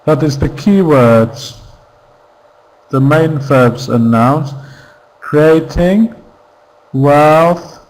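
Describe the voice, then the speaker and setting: Slow, patient male English teacher. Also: medium pitch, low-quality recording. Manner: patient, repeats example phrases, asks checking questions. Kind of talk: online class grammar lesson.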